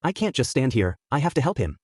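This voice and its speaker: A man's voice: mid-range voice, sing-song, fast talker, husky, no room sound, studio quality. A man reading a fan story, voicing a determined, defiant teenage boy hero in an earnest tone.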